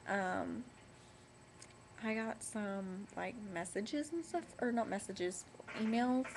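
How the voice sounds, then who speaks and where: Chatty young woman with a lilt. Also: mid-range voice. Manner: chatty and rambling, many ums. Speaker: vlogger. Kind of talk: casual chat to camera. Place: home room with TV on. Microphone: laptop webcam mic. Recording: home laptop recording with TV noise. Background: television playing.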